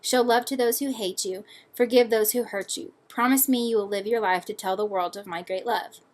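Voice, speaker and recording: Jesus, read by a young woman, soft and calm. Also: medium pitch, moderate pace, lightly acted. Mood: gentle. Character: gentle, calm adult man.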